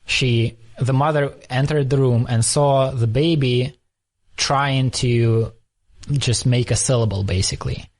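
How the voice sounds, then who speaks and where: A man's voice: medium pitch, fairly even intonation, a little slow. A man in casual conversation, telling a story thoughtfully, often restarting as he searches for words. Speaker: podcast conversation partner.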